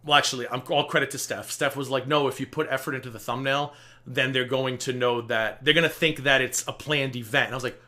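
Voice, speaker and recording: A man hosting a livestream, chatting casually and telling stories in an animated, profane way. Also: mid-range voice, fast. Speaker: livestream host. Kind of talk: casual chat.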